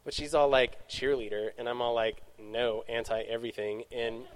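A man's voice: medium pitch, level tone, a faint crowd, slight background noise. A man speaking casually to young adults, telling his own story in a Q&A and correcting himself often as he talks. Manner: rambling, self-correcting, quick asides. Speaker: youth speaker.

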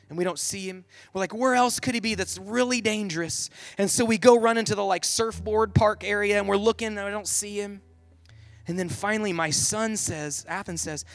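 A man's voice: high-pitched, creaky, a bit bright, no echo. A middle-aged man telling a personal story in a sermon, then leading into prayer, earnest and vivid with lots of "like". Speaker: Catholic speaker.

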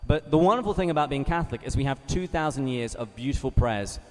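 Guy giving a bible study talk, slow careful reading, lots of questions to the group, echoey hall. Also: medium pitch, animated, darkish tone. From England. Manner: measured, reads scripture slowly and asks the listeners questions. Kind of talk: teaching talk to a live group. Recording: reverberant hall.

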